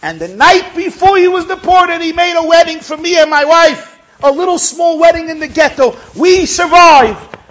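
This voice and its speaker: A man's voice: sits high, animated, fairly quick, few pauses. A man voicing an elderly survivor and father of the bride, speaking in a raised, emphatic voice. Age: older.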